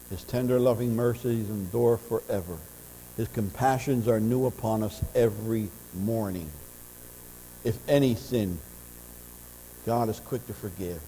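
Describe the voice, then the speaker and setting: A man's voice: on the low side, measured pace. Earnest male pastor preaching in a hall. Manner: earnest preaching, swelling louder in passionate runs. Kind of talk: sermon. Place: church sanctuary. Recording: church audio with long reverb and mains hum.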